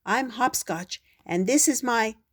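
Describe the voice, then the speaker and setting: Proud little hero girl, cheery and a bit high, grandma doing it. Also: a little slow. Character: proud new young girl superhero.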